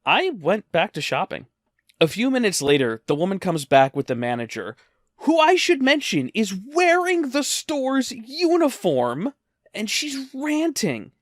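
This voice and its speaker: A man's voice: high-pitched, a little slow, no echo, clean studio sound. A man narrating a personal story in a wry, conversational way. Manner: wry, conversational, lively delivery.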